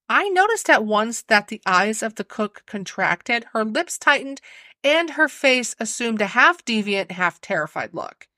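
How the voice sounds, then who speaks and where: Woman narrator, ghost story, lively bright read, dry studio sound. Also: a little high, unhurried, no echo. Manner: expressive, animated period-story delivery. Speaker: audiobook narrator. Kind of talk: scripted storybook reading.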